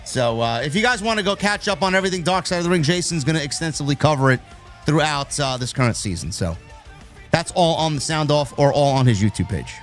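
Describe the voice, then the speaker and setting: New york guy hosting a stream, reads out chat messages, kinda high voice, loose and rambly. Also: animated, quick pace, soft background music. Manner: rambling, restarts, reads viewer messages aloud. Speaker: host of a wrestling live stream. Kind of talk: casual live-stream chat.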